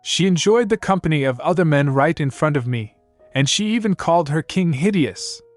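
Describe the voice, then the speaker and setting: A man's voice: a little high, lively intonation, moderate pace, faint music behind, voice pushed up, natural voice. A man voicing a vain, petty young king who blusters indignantly, in a comic recap story. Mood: bitter.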